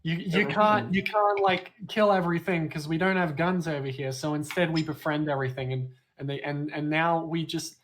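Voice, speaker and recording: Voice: medium pitch, fairly even intonation, normal speed, hardly any pauses. Aussie guest on a podcast, chill and jokey, rambling along. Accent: Australian. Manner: joking, laid-back storytelling. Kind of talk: casual podcast chat.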